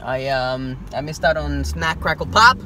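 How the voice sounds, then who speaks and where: A man, chatting casually as a collector vlogger, mumbling then bursting into loud exclamations. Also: on the high side, a little slow. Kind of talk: casual chat. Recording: noisy background.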